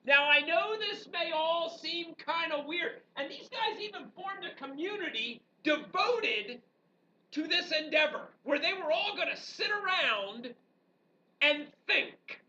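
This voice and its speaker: Woman history teacher, high bright voice, slow animated lecture, rhetorical questions, dull far-off classroom recording, faint noise.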